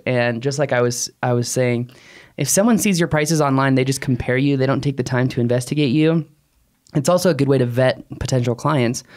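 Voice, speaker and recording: A man co-hosting a casual podcast discussion, animated, his pitch jumping up, laughing often. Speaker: podcast co-host, drone pilot.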